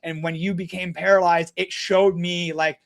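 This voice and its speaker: Male podcast guest with a high-set voice, blunt and profane, animated anecdotes. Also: normal speed, gravelly. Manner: blunt, heavy swearing, animated retelling. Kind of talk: casual storytelling chat.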